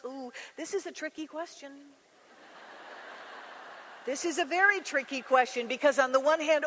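A woman teaches a women's Bible study in an animated, chatty way, slipping into the voices of scripture figures. Her voice is high, and the long reverb of a large hall follows every phrase. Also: a little slow, a little hiss or hum. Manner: animated, conversational, acts out scripture scenes.

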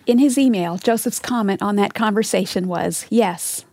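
A woman giving a recorded Bible teaching in an earnest, measured way, sometimes dropping to a soft whisper for emphasis. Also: mid-range voice.

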